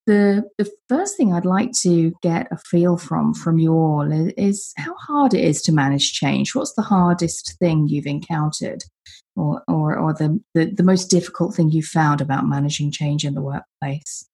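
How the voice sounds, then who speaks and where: A woman hosts a podcast panel, speaking in a friendly way and often restarting her sentences. Her voice sits a little low and has a husky edge. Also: animated, a little slow, dark tone. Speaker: podcast host. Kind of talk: panel discussion hosting.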